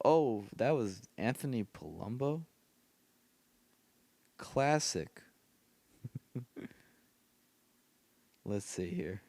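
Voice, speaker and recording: Slow, low-voiced man rambling on a podcast. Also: mellow, no room sound. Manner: rambling, laughs often to himself. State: tired late at night. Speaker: podcast host. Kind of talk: casual solo podcast rambling.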